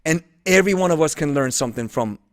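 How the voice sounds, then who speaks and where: A man hosts a casual podcast conversation with a fairly high, bright-edged voice. He is enthusiastic and affirming, and the sound is dry and close with no room echo. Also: expressive. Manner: enthusiastic, affirming, quick interjections. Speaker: podcast host.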